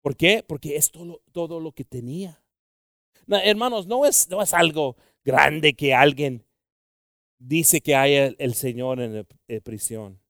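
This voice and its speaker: A man preaching a sermon with passion, moving between loud exclamations and quiet, low asides. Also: moderate pace, no room sound, studio quality.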